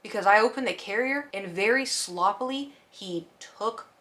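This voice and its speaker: A woman's voice: medium pitch, moderate pace, a bit bright. A woman vlogger telling a personal story in a casual, chatty way, full of "like" and "you know".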